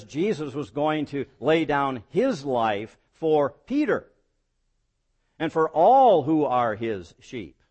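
Male pastor, sermon delivery, highly animated intonation, dramatic highs and lows. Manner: expressive preaching, rising on quoted lines and dropping low for emphasis.

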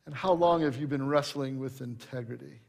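A man's voice: mid-range voice, normal speed, gravelly, darkish tone. A middle-aged male pastor preaching a sermon, telling anecdotes in a conversational way and rising to emphatic preaching.

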